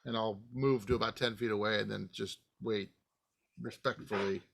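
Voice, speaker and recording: A man at the game table with a gravelly, bright and fairly low voice. He talks earnestly and hesitantly, repeating his words as he goes. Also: steady tone, normal speed. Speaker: player.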